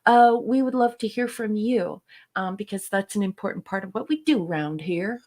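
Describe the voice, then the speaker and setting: A woman's voice: medium pitch, normal speed, darkish tone. A woman co-hosting a casual talk show, chatty and enthusiastic, with many fillers. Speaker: co-host. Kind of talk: casual chat.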